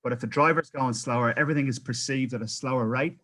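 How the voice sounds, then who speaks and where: A New Zealand man speaks at a council hearing with an impassioned, pleading tone. His voice sits at an ordinary middle pitch. He often stumbles and restarts mid-sentence. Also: quick pace, sharp tone, rough recording. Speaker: public submitter at council hearing. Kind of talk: public testimony.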